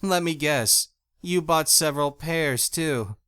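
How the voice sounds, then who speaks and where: A male audiobook narrator voicing a fierce, blunt young woman with a hot temper who gives sharp, curt retorts. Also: a little high, takes it slowly, clean tone, no echo, studio quality, voice pushed up. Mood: wry. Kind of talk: audiobook character voice.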